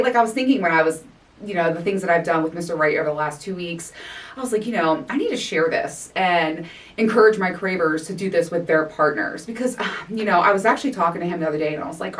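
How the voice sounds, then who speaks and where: A woman's voice: fairly low pitch, animated, fairly quick, distant mic. A woman in her forties hosting her own podcast, talking candidly in a casual chat, laughing often and swearing freely. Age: 40s. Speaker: podcast host. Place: home recording space.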